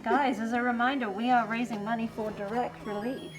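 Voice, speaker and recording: A chatty young woman co-hosting a charity stream, with a fairly high voice and frequent exclamations. She sounds distant from the mic, with clear music playing behind her. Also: steady tone, fairly quick. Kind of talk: casual livestream banter.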